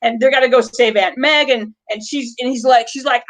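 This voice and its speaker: A woman's voice: fairly high pitch, moderate pace, fairly bright tone. A woman co-hosting a casual podcast chat about a movie, talking in a chatty, enthusiastic, rambling way. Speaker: co-host.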